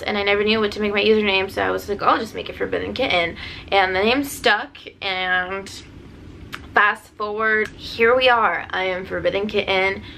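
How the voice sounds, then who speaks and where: A woman's voice: medium pitch, vocal fry, bright, forceful tone, slight background noise, rough recording. A young woman rambling jokily through a casual Q&A vlog, full of fillers and asides. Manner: rambling, jokey, lots of fillers. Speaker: DJ and YouTuber.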